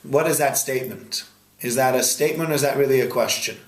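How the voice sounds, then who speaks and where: A man, a rabbi, teaching a Talmud class in a study hall, firing questions at his students in a lively way. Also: mid-range voice, fast talker. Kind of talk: interactive Talmud lesson.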